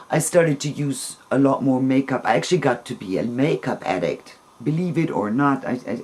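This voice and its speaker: A woman's voice: very deep voice, a little mellow, breathy edge. Hesitant woman telling a story. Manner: hesitant, restarts often, searches for words. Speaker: vlogger. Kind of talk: personal storytelling to camera.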